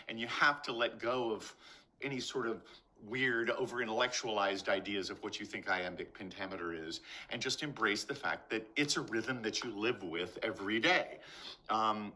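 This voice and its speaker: Bright-voiced older man teaching acting. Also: fairly low pitch. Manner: energetic, rhythmic demonstrations, bouncing a ball. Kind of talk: instructional talk to camera. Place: garage with concrete floor. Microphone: camera mic, steps back from it.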